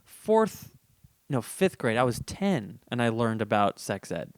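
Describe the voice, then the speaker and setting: A man's voice: mid-range voice, big pitch swings, unhurried, no room sound. Chill podcast host guy, rambly and unsure, mid voice, dry close sound. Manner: rambling, hesitant, lots of "like". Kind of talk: casual podcast chat.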